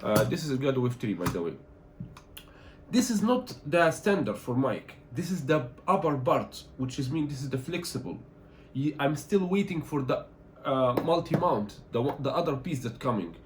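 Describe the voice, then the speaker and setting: A man from Egypt, not an English speaker, talking through an unboxing as a tech reviewer, animated and complaining in loose phrasing. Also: mid-range voice, normal speed, a little hiss or hum. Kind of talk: casual unboxing vlog.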